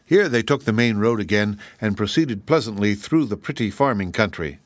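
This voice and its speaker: A man narrating an audiobook in an expressive storytelling manner. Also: lowish voice, moderate pace, no room sound.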